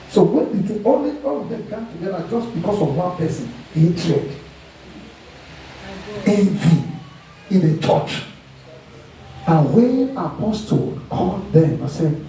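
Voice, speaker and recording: Pastor preaching in an echoey hall. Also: male voice, sits high, sing-song, measured pace, pauses often, mellow, slight background noise. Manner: preaching with acted quotes and pidgin asides. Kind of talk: sermon. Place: church hall. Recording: very echoey hall, mic far off.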